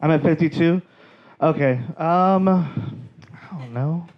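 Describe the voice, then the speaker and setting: A man doing stand-up on a comedy club stage, telling a rambling, animated anecdote. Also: on the high side, slow pace, highs cut off. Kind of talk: stand-up storytelling.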